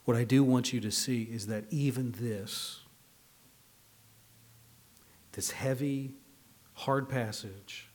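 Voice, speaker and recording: Male pastor, mid-pitched, conversational sermon delivery, earnest, dynamic between hushed and emphatic.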